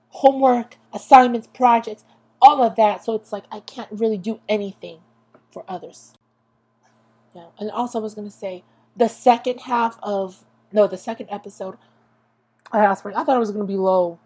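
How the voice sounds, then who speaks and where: A young woman with a mid-range, slightly mellow and rough voice hosts a podcast, delivering a casual monologue about TV. She rambles and interrupts herself, often stopping and restarting, swears freely, and sounds tired and strained.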